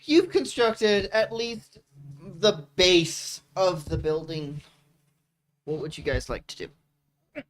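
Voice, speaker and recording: A man's voice: high-pitched, lively intonation, takes it slowly, long pauses. A man running a tabletop game as game master, playful and laughing often.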